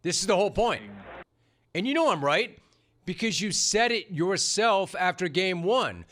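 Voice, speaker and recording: Emphatic bright-voiced sports talk host. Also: male voice, high-pitched, expressive, moderate pace. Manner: emphatic, punchy, sarcastic delivery. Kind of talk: opinionated sports talk monologue.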